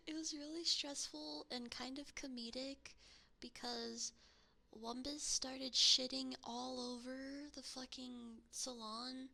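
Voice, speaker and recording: A woman streamer whispers through a rambling story in ASMR chat, taking her time over each phrase. Her soft voice carries a crisp, bright edge with plenty of gravelly fry, picked up close on a binaural mic. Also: high voice, steady tone, slow pace.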